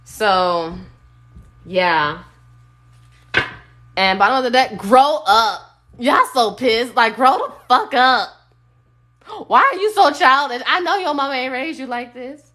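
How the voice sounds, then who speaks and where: A woman's voice: sits high, animated, slow pace, pauses often, pushed and bright. Blunt casual woman reading tarot. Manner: casual and blunt, sings snippets of songs. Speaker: tarot reader. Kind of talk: live-stream tarot reading. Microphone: phone.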